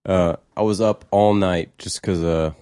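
A man's voice: deep voice, steady tone, a little slow, mellow, clean tone, dry recording, studio quality. A man co-hosting a podcast, talking casually in a hesitant way with many fillers. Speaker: podcast co-host. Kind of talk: casual chat.

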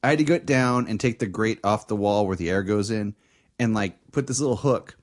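A man casually telling a funny story on a podcast, jumping high when he imitates someone. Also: brisk. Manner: animated, shrieks when mimicking his girlfriend. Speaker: podcast co-host.

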